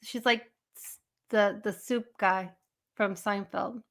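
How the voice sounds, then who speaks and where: A woman's voice: medium pitch, steady tone, slow pace, gravelly. A woman hosting a casual live stream, rambling, laughing often and chatting with her viewers.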